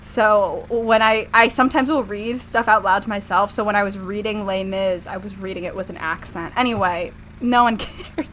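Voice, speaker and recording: A woman's voice: mid-range voice, steady tone, moderate pace, hardly any pauses, fairly bright tone, a little hiss or hum. A young woman streamer chatting casually over gameplay, rambling and self-deprecating.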